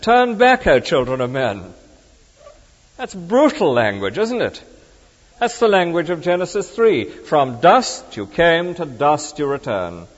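A middle-aged man preaching a sermon in a conversational, animated way that swings between emphatic and hushed. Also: sits high. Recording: dull reverberant hall recording.

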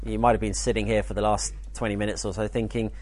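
A man teaching at a church weekend, speaking in a conversational, lively way with jokey asides. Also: lowish voice, quick pace. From United Kingdom. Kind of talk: teaching talk.

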